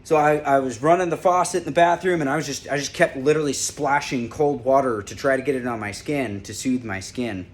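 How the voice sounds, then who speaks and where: A man's voice: medium pitch, a little fast, hardly any pauses. A former corrections officer, a man, casually telling a lighthearted story and laughing as he recalls it. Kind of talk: casual personal storytelling to camera.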